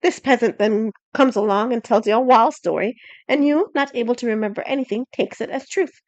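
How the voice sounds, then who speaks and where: A woman doing a loud, snarling, arrogant knight. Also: a little high, a little fast, no echo, highs cut off, lightly acted. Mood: scornful. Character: brash blustering arrogant male knight.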